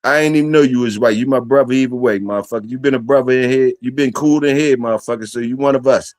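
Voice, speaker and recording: Profane, laid-back livestream host, dry sound. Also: male voice, medium pitch, fast, darkish tone, no room sound. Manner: loose, profane, talks to chat and reads comments aloud. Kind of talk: casual solo livestream chat.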